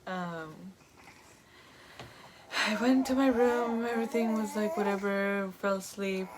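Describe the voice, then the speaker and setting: A woman's voice: medium pitch, fairly even intonation, a little slow, crowd noise. A young woman vlogger casually telling a personal story, rambling with lots of "like" and "um". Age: young adult. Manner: rambling, full of "like" and "um".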